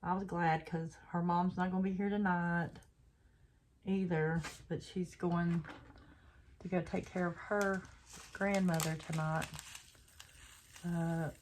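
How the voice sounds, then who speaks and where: A woman's voice: lowish voice, little pitch movement, takes it slowly, long pauses, a little mellow, a little hiss or hum. An older woman, the host of a craft channel, chatting and telling rambling stories while she works on a craft. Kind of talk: casual chat while crafting.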